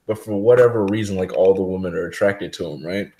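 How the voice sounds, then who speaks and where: A man co-hosting a casual comics chat, retelling scenes in a lively storytelling way. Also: low-pitched, fast. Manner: storytelling, lively, laughs a lot. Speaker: podcast co-host.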